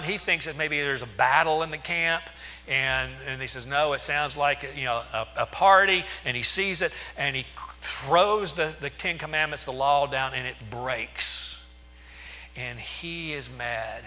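A man's voice: fairly high pitch, sharp tone, big-room sound. A man preaching a sermon, retelling scripture in plain words with restarts and asides.

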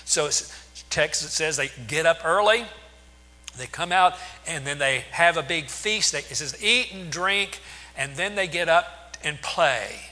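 A man's voice: on the high side, a little slow, sharp tone, long reverb tail. A man preaching a sermon, retelling scripture in plain words with restarts and asides.

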